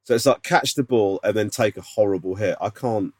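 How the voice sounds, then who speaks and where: A man's voice: fairly low pitch, brisk, darkish tone, no echo. A man co-hosting a casual podcast chat, teasing his friend with incredulous questions. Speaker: podcast co-host.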